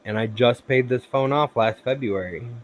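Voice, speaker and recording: A man hosting a livestream in casual chat, an animated storyteller who acts out the voices he quotes. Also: mid-range voice, normal speed, highs cut off. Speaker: livestream host.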